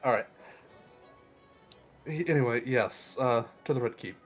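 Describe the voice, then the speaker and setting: A man's voice: medium pitch, a little slow, faint music behind. A young man playing a tabletop game, dry and matter-of-fact in casual chat. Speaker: player.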